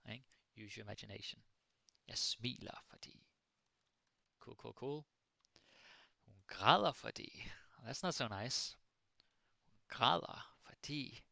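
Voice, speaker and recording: A man teaching Danish in a relaxed live lesson, playfully mixing Danish and English with silly example sentences, recorded on a close microphone. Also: mid-range voice, gravelly, no echo. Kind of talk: casual live-stream language lesson.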